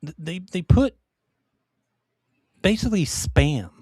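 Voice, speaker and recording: A man's voice: high-pitched, very animated, slow pace, darkish tone, husky, dry recording. Man, podcast co-host, ranting, swears, stumbling restarts, dry close mic. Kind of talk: casual chat.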